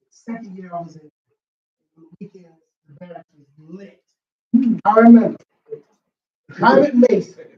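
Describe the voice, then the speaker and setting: A man in a couples workshop sharing a personal story in a reflective, halting way. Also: high-pitched. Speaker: workshop participant. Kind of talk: personal storytelling in group discussion. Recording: distant, dull, roomy recording.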